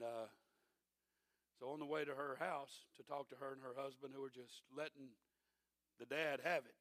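A man's voice: mid-range voice, a bit bright, no room sound. A middle-aged man preaching a sermon as a pastor, telling folksy stories with dry humor.

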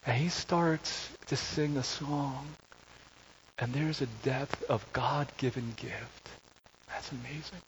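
The pastor speaks slowly in a steady, mid-range voice, keeping his sermon conversational with joking asides and repeated self-corrections. The recording sounds slightly dull and carries faint hiss.

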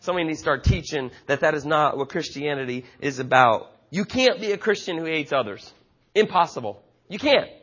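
A man's voice: a little high, lively intonation, brisk, fairly bright tone, lo-fi sound. A man preaching a sermon with passionate, emphatic delivery and frequent repetition. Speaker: pastor.

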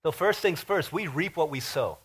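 A man preaching a sermon as pastor, telling stories in an animated, emphatic way. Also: on the high side, moderate pace, breathy edge. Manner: animated storytelling with rising emphasis.

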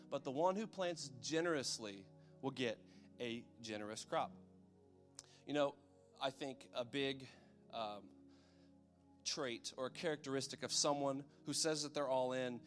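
A man preaching a sermon in a loose, conversational way, often checking in with his listeners. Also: mid-range voice.

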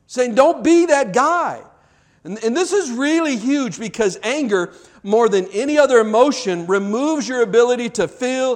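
A pastor with a high voice preaches a sermon in church before his congregation. His style is conversational, and he poses rhetorical questions to the people listening.

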